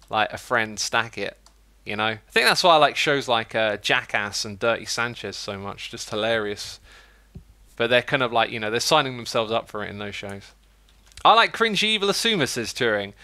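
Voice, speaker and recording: A man rambling casually to his stream, full of "like" and "you know." His voice is bright and sits mid-range. The sound is dry and close, with no room echo. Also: mid-range voice. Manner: rambling, chatty, lots of fillers. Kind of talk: casual livestream chat.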